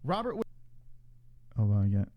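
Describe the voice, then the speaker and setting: A man's voice: on the low side, very animated, normal speed, dull audio. A man hosting a casual live stream, teasing his co-host and laughing with profane banter.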